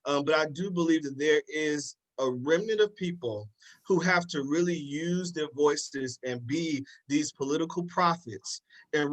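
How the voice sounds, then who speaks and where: Impassioned preacherly man, higher pitch. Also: fairly bright tone, poor audio. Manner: repeats "in that respect". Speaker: panel guest speaker. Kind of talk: live panel discussion.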